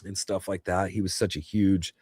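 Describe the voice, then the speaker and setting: A man's voice: deep voice, level tone, normal speed, a little mellow, husky, no echo, clean studio sound. A middle-aged man hosting a casual livestream chat from home, rambling with many fillers and restarts and reading chat messages aloud. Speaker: host.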